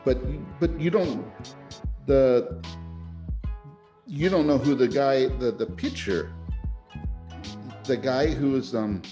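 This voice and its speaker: Rambling excitable man, casual chat. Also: mid-range voice, slow pace, long pauses, soft background music. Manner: rambling, excitable, many restarts. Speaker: podcast host. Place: lives in Japan.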